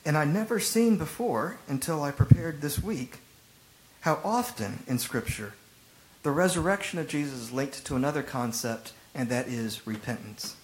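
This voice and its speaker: A man preaching a sermon as a pastor, retelling stories with lively emphasis and acted-out quotes. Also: a little high, moderate pace, low-quality recording. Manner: animated storytelling, acting out rhetorical quotes.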